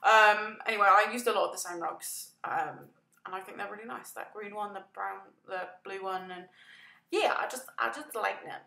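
A woman's voice: mid-range voice, moderate pace, gravelly, sharp tone. Chatty woman rambling, echoey room. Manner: chatty and rambling, laughs and yawns often, self-deprecating. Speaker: gaming video creator narrating a build. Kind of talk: casual voice-over commentary.

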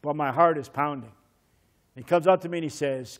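A man pastor preaching a sermon, telling a childhood story and acting out the voices in it, then leading a prayer. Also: brisk. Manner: storytelling, acts out voices with pitch swings. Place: church.

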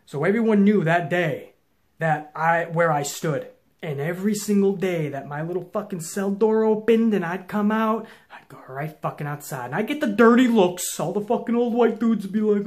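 A young man hosting his own show, telling a long story to viewers in a casual, profane, intense way that swings from low mutters to loud challenges. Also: moderate pace. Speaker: show host.

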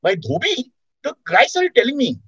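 A middle-aged man with an Indian English accent telling animated comic stories in an interview. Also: very high voice, moderate pace, breathy edge, no echo, muffled recording. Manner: animated storyteller, acts out quotes. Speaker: comedian and TV host, guest. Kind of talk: anecdotal interview chat.

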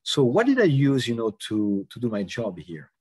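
A man's voice: medium pitch, wildly swooping pitch, moderate pace, darkish tone, breathy edge, no echo, rough recording. A man presenting a cybersecurity lesson, telling a story casually with many fillers and acting out the dialogue. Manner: casual, frequent "you know" fillers, acts out dialogue. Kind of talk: anecdotal lecture storytelling.

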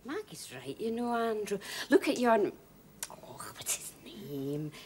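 A middle-aged woman with a Scottish accent playing a wry, sharp-tongued Glasgow mother. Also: on the high side, very animated, normal speed, slight background noise. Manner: wry, teasing. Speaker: mother in a family drama.

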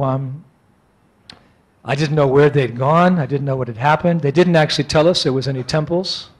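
An American man lecturing as a spiritual teacher, his voice sitting a bit higher than most men's. He tells the story in an animated way, leaping into excited cries for the parts he quotes. At the emotional moments he sinks into soft, hushed tones. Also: rough recording. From United States.

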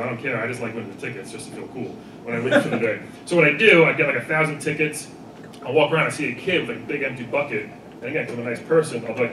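Onstage at a live comedy venue, a comic works the crowd, animatedly acting out characters in exaggerated, shouted voices as the audience laughs. His own voice is mid-range. The room is echoey, picked up from a distance with background noise.

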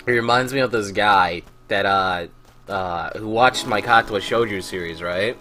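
A man's voice: on the low side, measured pace, pushed and bright. A man hosting a let's play, telling stories in casual gameplay commentary and ranting with a lot of swearing. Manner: profane, ranting storyteller.

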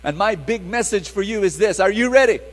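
A middle-aged man, preaching a sermon in an animated call-and-response style. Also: sits high, a little fast, big-room sound, poor audio.

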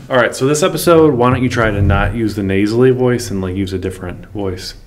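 A man co-hosting a comedy show, chatting casually with quick, offhand interjections. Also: lowish voice, a little hiss or hum. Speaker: co-host.

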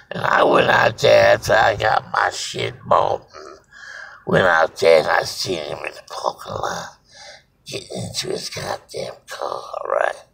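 A very deep, gravelly Cajun man in a grumpy, cussing comedic rant. He drawls slowly, his husky voice swinging widely in pitch. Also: fairly bright tone, rough recording. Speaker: comedic storyteller.

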